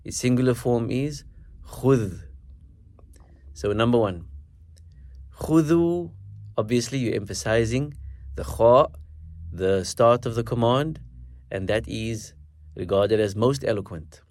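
A man teaching a recitation lesson, explaining stress in measured, deliberate phrases and slowing down to demonstrate words. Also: medium pitch, darkish tone. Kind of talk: instructional lesson with recited verses.

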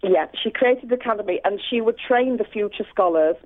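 A woman's voice: mid-range voice, brisk. A woman calls in to a radio show and tells her stories with real earnest passion, stumbling and restarting as she goes. Her voice comes through a thin, tinny phone line. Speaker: radio guest speaker. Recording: phone-line call-in audio.

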